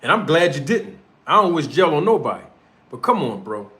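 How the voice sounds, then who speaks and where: A man's voice: a little high, sing-song, brisk, fairly bright tone. Fiery North Philly man ranting. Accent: North Philadelphia. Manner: confrontational, street slang, repetitive jabs. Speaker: streamer and show host. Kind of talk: heated livestream rant.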